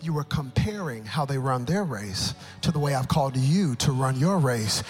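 A man voicing the Holy Spirit in a quiet, measured way, gently probing. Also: medium pitch, animated, faint music behind, natural voice. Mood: gentle.

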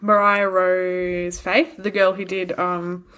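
A woman's voice: fairly low pitch, flat delivery, slow pace, fairly bright tone. A woman guesting on a podcast in casual chat, with dry and teasing humor.

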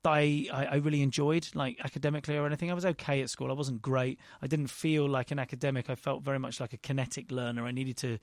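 A man's voice: mid-range voice, fairly even intonation, fast, few pauses, no room sound, clean studio sound. A man, a guest in an interview, telling a rambling, self-deprecating story with frequent restarts. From London, England. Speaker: actor and director guest. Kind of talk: casual interview chat.

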